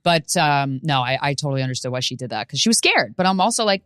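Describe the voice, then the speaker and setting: A woman hosting her own podcast, talking alone in a rambling, profane comedic monologue with sudden loud outbursts. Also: sits low, fast, hardly any pauses, clear, resonant tone, no room sound, clean studio sound. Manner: profane, rambling, animated with sudden shouted bits. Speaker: podcast host and stand-up comedian.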